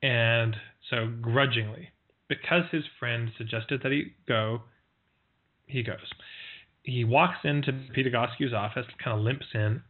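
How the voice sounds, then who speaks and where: A man's voice: mid-range voice, measured pace. Man teaching over tinny phone-like audio. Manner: conversational, many fillers and restarts. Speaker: marketing coach. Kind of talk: spoken teaching talk with stories.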